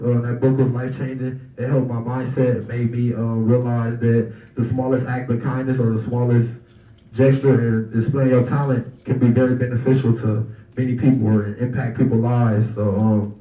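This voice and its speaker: A young man speaks to a banquet crowd in a relaxed, conversational way, slipping into the voices of the people in his stories. His mid-range voice sounds distant from the mic and echoes around a large room, with a dull, muffled tone. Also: mid-range voice, brisk. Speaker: guest speaker at an awards banquet. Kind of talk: casual storytelling speech. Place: banquet hall. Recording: roomy, distant, dull hall recording.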